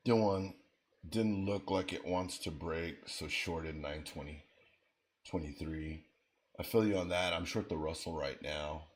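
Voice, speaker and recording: A man with a deep, low voice hosts a live trading stream. He talks in an easygoing way, thinking out loud about his positions and answering people in the chat as they come in. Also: unhurried. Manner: casual, thinks aloud while reading chat. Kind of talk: live-stream market commentary.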